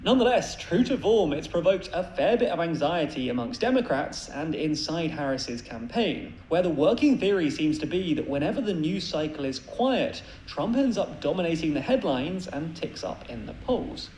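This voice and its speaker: A man reads scripted political news with a brisk, wry tone. His voice sits fairly high and moves up and down a lot. It sounds echoey, with faint noise behind. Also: sing-song, darkish tone. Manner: brisk, wry explanatory delivery. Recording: played clip in an echoey room.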